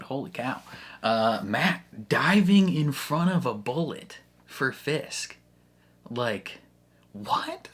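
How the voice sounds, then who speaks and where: Husky-voiced man ranting in casual commentary. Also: mid-range voice. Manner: animated, exasperated ranting with frequent swearing. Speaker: reaction video host.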